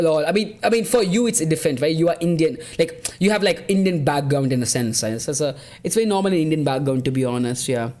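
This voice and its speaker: A young man hosts a live football watch-along. He talks loosely and often swears, reacting to the match as he answers his chat. His delivery is casual and easily excited. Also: fairly high pitch. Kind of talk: live-stream commentary and chat.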